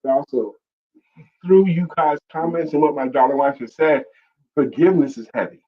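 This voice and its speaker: A man co-hosting a casual faith-based talk show, expressive and affirming, laughing often. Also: fairly high pitch, normal speed, far from the mic. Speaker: co-host. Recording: dull lo-fi audio.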